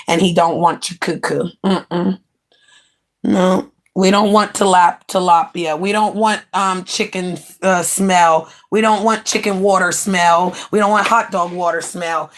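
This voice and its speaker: A woman streamer in a brash, profane rant, mocking rivals and swinging between loud jabs and low mutters. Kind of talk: ranting livestream monologue.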